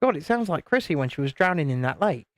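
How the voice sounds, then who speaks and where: Wry British host, lively delivery. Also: medium pitch, fast, no room sound, clean studio sound. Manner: wry, teasing banter with the chat. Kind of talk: live-stream chat while building a model.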